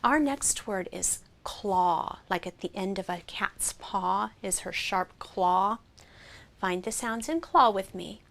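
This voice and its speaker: A woman teaching a phonics lesson, sounding out vowels slowly and clearly and praising the listener. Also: medium pitch, expressive, a bit bright, slight background noise. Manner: slow, clear, encouraging, sounds out each vowel.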